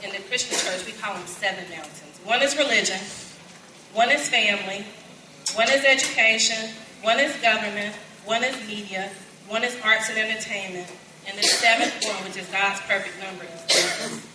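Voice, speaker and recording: A woman in her forties with a Kentucky accent, preaching at a conference in a lively, folksy way. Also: medium pitch, moderate pace. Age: 40s. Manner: lively, folksy, calls out to the crowd. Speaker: pastor. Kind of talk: conference sermon. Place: large conference hall. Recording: echoey hall, distant and noisy.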